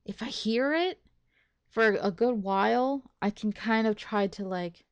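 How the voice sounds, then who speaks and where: A woman's voice: fairly high pitch, measured pace, smooth, dull audio. A woman hosting a let's play, chatting casually and self-deprecatingly about her schedule and the game, thinking aloud with many restarts and laughs. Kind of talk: casual gameplay commentary.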